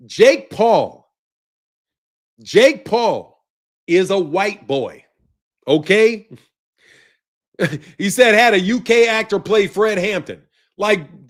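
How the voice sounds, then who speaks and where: Male commentator, profane off-the-cuff rant, high voice, swings all over in pitch. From United States. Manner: loud, profane, laughs between lines, fired up. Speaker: boxing channel commentator.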